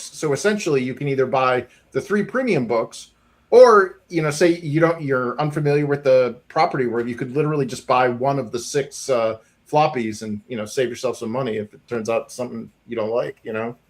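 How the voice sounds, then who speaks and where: A man co-hosting a casual comics podcast, talking in a rambling, quick way with lots of restarts. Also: medium pitch. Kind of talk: casual chat.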